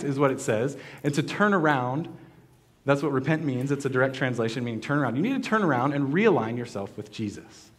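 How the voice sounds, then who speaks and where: A man's voice: medium pitch, expressive, a little fast. A man giving a sermon as pastor, in a casual, conversational way with many fillers and restarts, asking the congregation questions.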